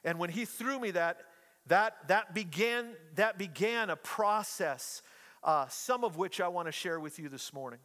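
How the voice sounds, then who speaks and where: A middle-aged man preaching a sermon to a congregation, telling stories with playful, animated asides. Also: sits high, measured pace, big-room sound. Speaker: pastor. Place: church hall, live congregation.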